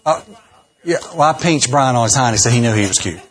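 A man's voice: medium pitch, animated, fairly quick, husky. A man, a pastor telling jokes and folksy stories in a sermon. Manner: folksy, joking, acts out quoted voices. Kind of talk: humorous sermon storytelling.

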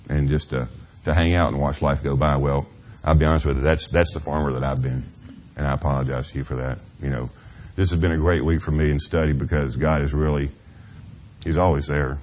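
Delivering a church sermon, this middle-aged pastor sounds earnest and confessional in his bass voice, checking in with "Amen?" and lowering to a near-whisper when things turn tender. A little hiss or hum sits under the recording.

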